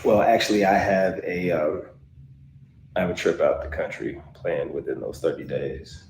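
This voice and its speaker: A man's voice: low voice, normal speed, vocal fry, a little mellow, a little hiss or hum. A man acting as an evasive client in a skit, hesitating with many ums while talking to his divorce lawyer. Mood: hesitant. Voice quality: hesitant, full of ums and uhs. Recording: roomy echo.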